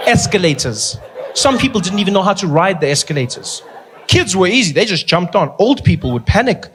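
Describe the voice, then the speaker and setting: A male stand-up comedian telling stories on a live stage in an animated, playful way, using a handheld mic. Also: high voice, a little fast. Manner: animated, playful storytelling with big vocal swings. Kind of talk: stand-up storytelling. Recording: live comedy club with noise.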